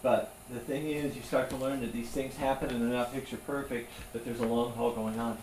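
A man's voice: medium pitch, level tone, a little fast, hardly any pauses. A male pastor preaching a sermon in an earnest, conversational way. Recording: echoey room, voice from far off, faint hum.

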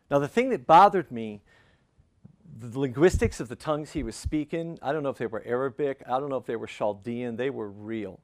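An older man preaching a sermon, telling a personal story in a conversational, animated way and acting out the voices of the people in it. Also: fairly high pitch. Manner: conversational, animated, acts out quotes. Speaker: pastor.

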